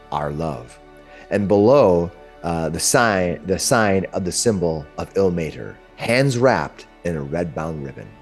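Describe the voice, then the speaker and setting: A man narrating a tabletop game as game master, telling the scene with animated, laughing energy. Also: on the low side.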